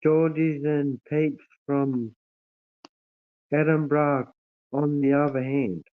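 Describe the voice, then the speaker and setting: A man hosts a casual livestream, reading comments aloud and greeting viewers with effusive warmth. His voice sits a bit high and comes through thin and tinny, like a phone line. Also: fairly even intonation, extremely slow. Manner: warm, effusive, calls everyone mate and brother. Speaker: livestream host.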